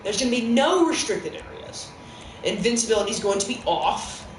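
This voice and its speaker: Goofy streamer rambling thru a live stream, voice jumps up into squeaky yelps now n then, noisy background hum. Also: big pitch swings, moderate pace. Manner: rambling and playful, with sudden squeaky outbursts. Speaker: game streamer. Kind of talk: casual live-stream commentary. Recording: echoey room with background noise.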